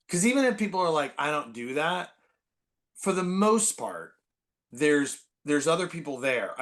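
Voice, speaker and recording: A man in his forties, a podcast guest, telling stories in casual conversation, animated and full of fillers and restarts. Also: a little high. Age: 40s.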